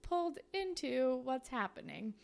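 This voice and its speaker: A lost young woman fresh in town, flustered and asking one anxious question after another, as a woman acts her out. Her voice sits high and bounces around with nervous surprise. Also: very animated, measured pace, creaky, a little mellow, exaggerated voice. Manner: anxious, wide-eyed questions.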